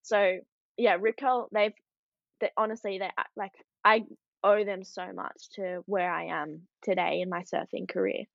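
Young Australian surfer woman, chatty guest, dull flat lo-fi recording with no room sound. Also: medium pitch, measured pace, vocal fry, dry recording. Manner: chatty and upbeat, with many "like" fillers. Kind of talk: casual interview chat.

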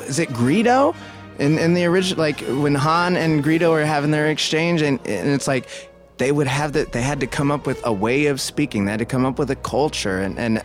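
A man giving casual film commentary, thinking aloud and digressing with many restarts. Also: medium pitch.

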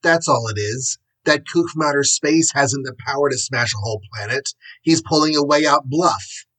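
A man reading aloud voices a young male archer hero who talks in flippant slang, in a husky voice. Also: mid-range voice, a little slow, fairly bright tone, poor audio.

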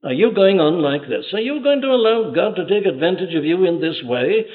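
A man's voice: sits high, animated, fairly quick. A man voicing a sly male devil who coaxes and then insistently urges rebellion, heard on a dull, lo-fi old sermon tape. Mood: coaxing. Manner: coaxing, rising to insistent.

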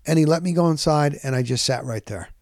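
Man, casual storyteller, animated, dry close mic. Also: fairly high pitch, fast talker, dry recording. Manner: animated, punctuates with sound words.

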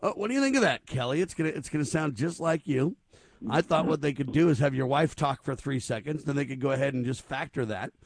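A man's voice: medium pitch, lively intonation, fast, creaky, no room sound, studio quality. A man hosting a talk show, chatting casually and joking as he puts questions to his co-hosts.

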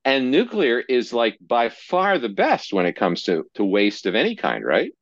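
A man hosting a podcast interview, chatty and quick to laugh. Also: medium pitch, dry recording, dull audio. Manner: lively, chatty, laughs easily. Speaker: podcast host. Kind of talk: casual interview chat.

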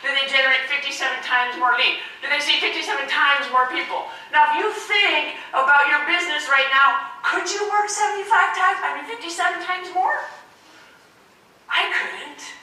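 A woman gives a keynote speech, energetic and animated, throwing questions out to the crowd. Her voice sits high and comes across bright and forceful. She is recorded from a distance in a big echoing hall. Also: moderate pace. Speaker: motivational speaker. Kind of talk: keynote speech to a live audience. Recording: echoey hall, mic from far off.

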